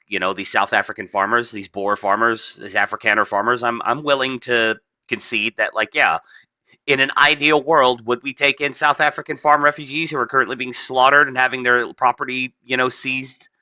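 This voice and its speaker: Bright-voiced, rambling man on a podcast. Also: medium pitch, steady tone, brisk, dry recording. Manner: rambling, profane, many "like" fillers, laughs often. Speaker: podcast host. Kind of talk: casual opinionated podcast chat.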